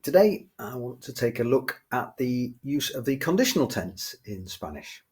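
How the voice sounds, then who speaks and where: A man teaching a grammar lesson to camera, explaining step by step and slowing down to spell out examples. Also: mid-range voice, sing-song, a little mellow, breathy edge. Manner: measured, explanatory, slows down for examples.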